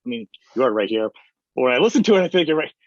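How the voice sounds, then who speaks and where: A man in his fifties hosting a podcast interview, enthusiastic and talking in quick bursts. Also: medium pitch, sing-song, no echo. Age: 50s. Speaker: podcast host. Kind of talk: casual interview chat. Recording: dry, slightly dull recording.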